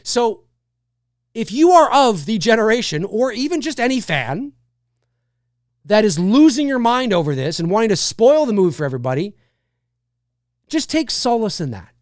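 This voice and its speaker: Man, livestream host, animated rambling chat, swinging pitch, dry sound. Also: moderate pace, pauses often, no echo. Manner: animated, rambling, frequent restarts and fillers. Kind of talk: casual live chat reading viewer comments.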